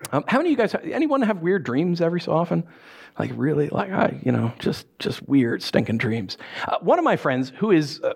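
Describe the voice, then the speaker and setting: A man, a pastor, preaching a sermon, reading scripture and acting out lively asides. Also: a little high, creaky. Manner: animated, acts out voices and asides.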